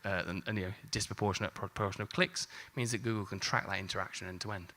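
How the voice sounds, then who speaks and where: A man in his forties speaking at a conference, his voice low-pitched yet bright and forceful. He talks in a loose, joking way, slipping in mild swearing as he makes his points to the crowd. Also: steady tone, quick pace. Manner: jokey, casual, swears lightly, acts out exchanges. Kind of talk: live marketing talk.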